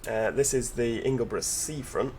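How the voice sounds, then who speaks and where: A man's voice: medium pitch, normal speed, a little mellow, a little hiss or hum. Chatty enthusiastic man commentating a game. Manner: enthusiastic, chatty, full of tag questions; talks to in-game passengers while driving. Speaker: gaming channel host. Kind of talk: gameplay commentary.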